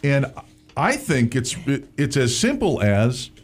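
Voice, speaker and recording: A man's voice: medium pitch, huge pitch swings, takes it slowly, slightly rough. Radio co-host guy, opinionated, voice bounces up and down a lot. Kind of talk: talk radio chat.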